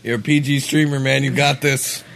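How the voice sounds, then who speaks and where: A man co-hosting a stream, joking slowly and hiccuping after a drinking game. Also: mid-range voice, level tone, gravelly, fairly bright tone. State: hiccuping, tipsy. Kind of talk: casual livestream banter.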